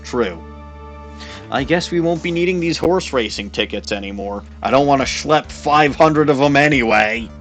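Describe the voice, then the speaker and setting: A man's voice: medium pitch, animated, moderate pace, a bit bright, faint music behind. Sardonic man playing a game. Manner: sardonic, swears freely. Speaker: let's play host. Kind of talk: casual game commentary and dialogue reading.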